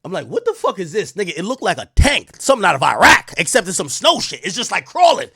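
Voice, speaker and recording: Man, streamer host, animated storytelling, fairly high voice, very lively pitch, dry sound. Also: quick pace, creaky, slightly rough, dry recording. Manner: animated, profane and excitable, swinging between loud outbursts and mutters. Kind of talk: casual storytelling on a live stream.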